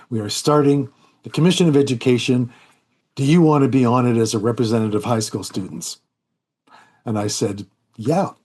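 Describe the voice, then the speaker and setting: Older man, husky, interview guest, rambling storyteller, self-correcting, wry. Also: medium pitch, darkish tone.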